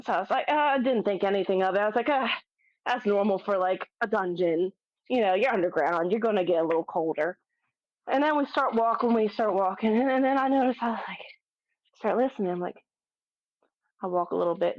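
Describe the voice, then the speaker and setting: A woman tells a story in an animated, casual way, laughing often and breaking off to restart her sentences. She has a mid-range voice. The recording is dull and lo-fi, with a dry, close sound. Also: mid-range voice, no echo. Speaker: guest.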